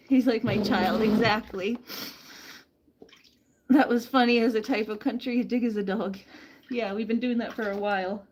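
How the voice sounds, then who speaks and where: A woman vlogging from her backyard farm, chatting casually with viewers and softly coaxing a hen through a soak. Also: fairly high pitch, moderate pace, background noise. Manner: soft, coaxing talk to an animal. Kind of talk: casual live chat reading comments.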